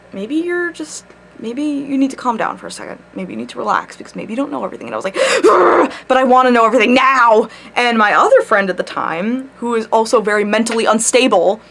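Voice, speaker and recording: A young woman vlogger casually telling a rambling story at home, animated, swearing and laughing often. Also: fairly high pitch.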